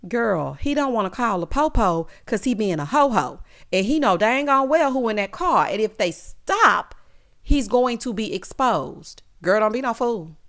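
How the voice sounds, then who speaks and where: A woman's voice: fairly high pitch, animated, a little slow, a bit bright. A woman giving a casual, sassy recap of a reality show, talking straight to her viewers.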